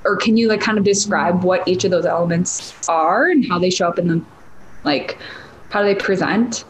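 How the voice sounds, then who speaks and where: A woman's voice: lowish voice, normal speed, roomy sound, a little hiss or hum, poor audio. A woman with a Minnesota accent hosting a podcast, asking curious questions in a casual, chatty way with many "like" fillers, recorded at home in her apartment. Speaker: podcast host. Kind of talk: casual interview chat.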